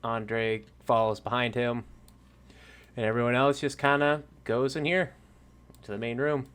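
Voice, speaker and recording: Man, game master, casual rambling narration, mid-pitched voice. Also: fairly even intonation, measured pace, long pauses, a bit bright, clean tone. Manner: casual and rambling, many fillers and restarts, swears freely.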